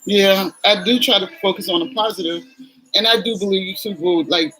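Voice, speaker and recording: A woman's voice: medium pitch, a little fast, a bit bright, breathy edge, poor audio. A woman in her forties, a vlogger chatting candidly and emotionally to her viewers while doing her makeup.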